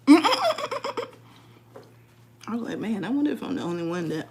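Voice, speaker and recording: A woman's voice: fairly high pitch, wildly swooping pitch, measured pace, noisy background. A woman, chatting casually and teasingly with viewers on a live stream, laughing often.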